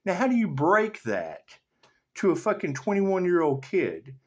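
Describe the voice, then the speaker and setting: A man with a somewhat high, very animated voice delivers a rambling spiritual monologue full of profanity. He laughs often and lurches from loud bursts to low mutters as he talks like a tarot reader addressing his viewers. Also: unhurried, slightly rough.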